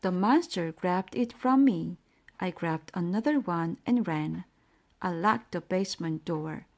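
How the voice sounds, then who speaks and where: A woman narrating a bedtime story in a clear, storytelling manner. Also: fairly low pitch, animated, unhurried.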